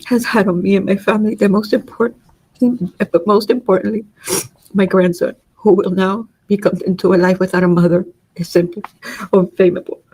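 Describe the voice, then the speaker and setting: A middle-aged woman reading a prepared victim impact statement in court. She speaks in a measured, grieving way and makes small slips as she reads. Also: mid-range voice, level tone, a little mellow, husky, rough recording.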